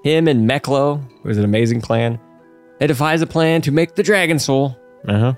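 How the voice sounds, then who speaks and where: A man's voice: mid-range voice, moderate pace, soft background music. A man hosting a podcast, telling game lore in a goofy, rambling, laughing way. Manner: goofy, rambling storyteller who laughs often. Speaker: podcast host. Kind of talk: casual lore chat.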